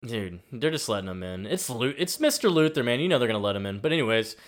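Relaxed male co-host, very expressive pitch, jokey and loose. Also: fast. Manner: laid-back, jokey, says "dude" a lot. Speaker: podcast co-host recapping a TV episode. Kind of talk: casual chat.

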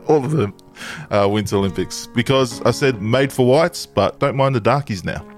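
A man's voice: mid-range voice, normal speed. Male podcast host, crude and laughing, faint music underneath. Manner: laughs often, crude jokes. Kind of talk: casual crude podcast banter.

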